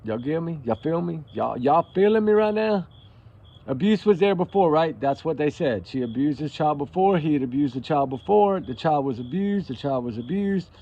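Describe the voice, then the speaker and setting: A man's voice: a little high, lively intonation, normal speed, vocal fry, dark tone, highs cut off. A man, hosting a rambling, folksy nighttime talk outdoors by a campfire, shifting between joking and anger. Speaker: channel host.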